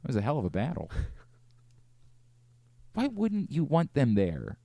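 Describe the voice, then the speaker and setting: A man hosting a sports talk radio show, ranting in an animated, exasperated way from a studio. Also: medium pitch, slow pace, creaky, no room sound.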